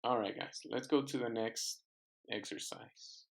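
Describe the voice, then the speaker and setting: A man's voice: mid-range voice, measured pace, creaky. A man teaching an English class, patiently repeating words and phrases for his students to echo. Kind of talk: online classroom lesson.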